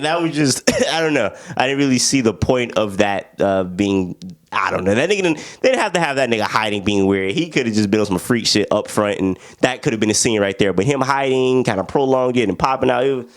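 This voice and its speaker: A young man giving a casual, slangy film review. He is sleepy and a little sick, and he acts out the characters he quotes. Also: fairly low pitch.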